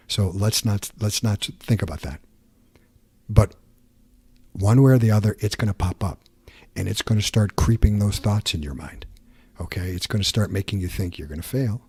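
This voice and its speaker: A man's voice: on the low side, moderate pace, darkish tone, breathy edge. A man hosting a podcast, giving an earnest motivational pep talk and acting out the doubts in a listener's head. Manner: earnest coaching tone, voices inner doubts aloud. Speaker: podcast host.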